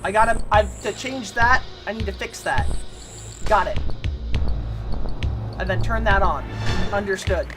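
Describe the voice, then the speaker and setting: A woman streaming a game live, excitable and swearing as she talks to her chat. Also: medium pitch, measured pace, long pauses, low-quality recording. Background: loud game music.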